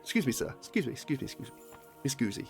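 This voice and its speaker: A man streaming a video game live, commenting in a playful, excitable way and swearing freely. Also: medium pitch, very fast, gravelly, soft background music.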